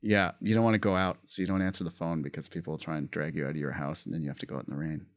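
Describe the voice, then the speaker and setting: A man's voice: a bass voice, steady tone, racing, dry recording. A man in a casual podcast conversation, upbeat, enthusiastic and chatty, on a close studio mic.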